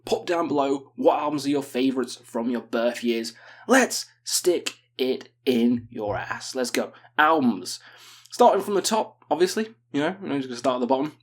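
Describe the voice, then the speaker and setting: A man's voice: medium pitch, animated, fairly quick. A man in his thirties chatting casually as a metal music video host, cursing and joking with enthusiasm. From England. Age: 30s. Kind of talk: casual album-review chat.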